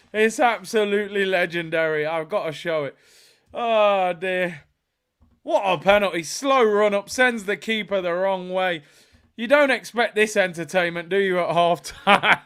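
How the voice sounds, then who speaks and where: A man hosting a live football watchalong, bantering and trolling rival fans, bursting into shouts at big moments. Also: sits high, a little slow, clean tone.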